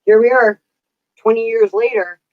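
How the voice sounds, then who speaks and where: Ranting woman vlogger, profane and high-pitched. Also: steady tone, moderate pace, no echo. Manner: profane, venting rant. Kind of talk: casual chat. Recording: dull, dry lo-fi recording.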